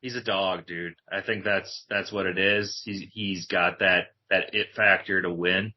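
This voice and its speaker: Laid-back man with a lowish voice. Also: steady tone, unhurried. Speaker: podcast co-host. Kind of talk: casual sports chat. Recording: dull, lo-fi.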